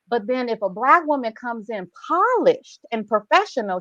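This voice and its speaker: A woman's voice: medium pitch, no room sound, muffled recording. A woman on a discussion panel, speaking emphatically and with strong feeling. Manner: emphatic and fervent.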